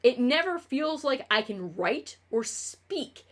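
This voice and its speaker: A woman's voice: a little high, sing-song, slow. A young woman streamer in casual livestream talk. She rambles from tangent to tangent, swears often, and trips over her words as a self-described clutterer.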